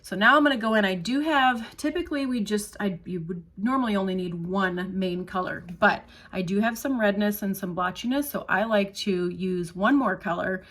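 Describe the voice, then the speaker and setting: A woman's voice: mid-range voice, moderate pace, hardly any pauses, a bit bright. A woman talking through a makeup tutorial in a casual, reassuring way, often checking in with the viewer. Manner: chatty, reassuring, checks in with "okay?". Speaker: makeup demonstrator.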